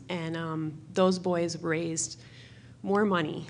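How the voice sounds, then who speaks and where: A woman's voice: on the low side, steady tone, slow, creaky, a little hiss or hum. A woman in the audience, a mother, earnestly telling a story about her family with many fillers. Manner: earnest, many fillers, mimics children's voices.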